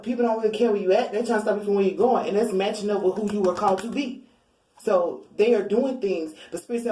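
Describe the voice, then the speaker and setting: Tarot reader woman, relaxed chatty delivery, a little off-mic in an echoey room. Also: medium pitch. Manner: chatty, informal, laughs often. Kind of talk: casual spiritual reading. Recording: roomy, a bit far from mic.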